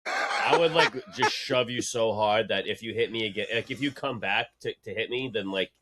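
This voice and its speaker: Co-hosting a casual podcast, a man spins long, rambling stories packed with slang and plenty of "dude." His voice is lowish and sharp in tone, and he keeps a moderate pace.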